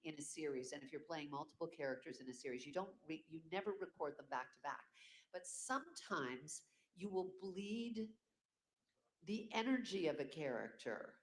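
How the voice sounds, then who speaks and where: An older voice actor at a convention panel answering fan questions casually, animated and breaking into playful character voices. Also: medium pitch, moderate pace.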